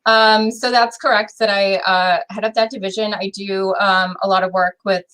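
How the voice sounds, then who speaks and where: A woman's voice: mid-range voice, fairly even intonation, normal speed, a bit bright, low-quality recording. A woman with a Boston accent talking in a friendly way, with lots of fillers, on a webinar video call. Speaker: bookkeeping division lead. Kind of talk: casual webinar talk.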